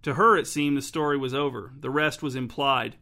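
A man narrating a story in a steady, measured audiobook style. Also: medium pitch, gravelly.

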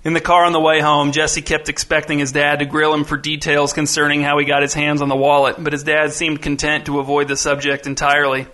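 A male audiobook narrator giving a measured, even scripted reading. His voice is bright, clear-edged and pitched a bit above the usual for a man.

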